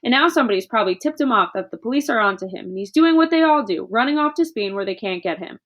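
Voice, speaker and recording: Woman reading as a gentle schoolteacher, soft-spoken, calm, kindly storybook figure. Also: fairly high pitch, fast, lightly acted.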